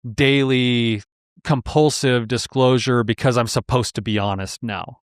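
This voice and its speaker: Animated male therapist guest. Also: medium pitch, measured pace, clear, resonant tone, dry recording, studio quality. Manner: animated storyteller who acts out quotes. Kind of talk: casual conversational interview.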